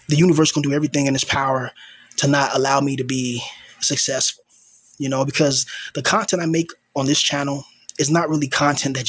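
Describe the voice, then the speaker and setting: A man's voice: mid-range voice, fairly bright tone, breathy edge, no room sound. A young man hosting his own channel, venting in a raw, confrontational monologue and repeating himself for emphasis. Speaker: channel host.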